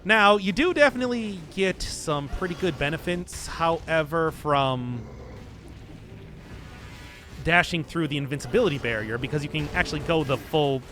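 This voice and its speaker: Man, game streamer, casual rambling commentary, animated, bright tone, faint music behind. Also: a little high, moderate pace. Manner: rambling, self-mocking, laughs at his own jokes.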